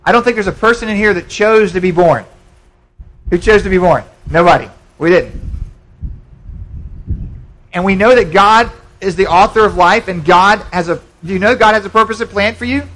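A man's voice: high voice, moderate pace, pauses often, fairly bright tone, low-quality recording. A man pastor preaching a sermon in a church, conversational, with frequent repetitions and restarts.

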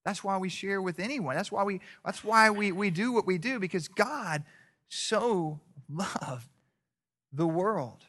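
A man preaching a sermon as a pastor in church, rising to loud exhortation and dropping to hushed storytelling, often repeating and restarting his words. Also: high voice, a little slow.

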